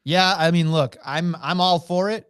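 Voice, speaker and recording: A man's voice: a little high, moderate pace, fairly bright tone, smooth, no echo, clean studio sound. A man co-hosting a casual wrestling podcast, rambling with stammering restarts and swearing. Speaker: podcast co-host.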